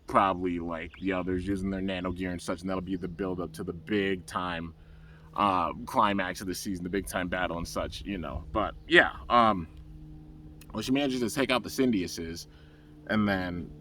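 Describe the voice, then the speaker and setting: A man's voice: lowish voice, fairly bright tone, a little hiss or hum. Rambling man recapping a cartoon episode. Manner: rambling, loose and enthusiastic, full of "um" and "you know". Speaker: anime episode reviewer. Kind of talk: casual recap.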